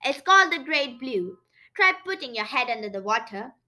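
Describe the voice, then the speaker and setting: A woman's voice: fairly high pitch, big pitch swings, normal speed, bright, forceful tone, heavily acted. A woman doing a jolly, jumpy frog. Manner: jolly, then stammering in alarm. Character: cheerful playful male frog, easily frightened.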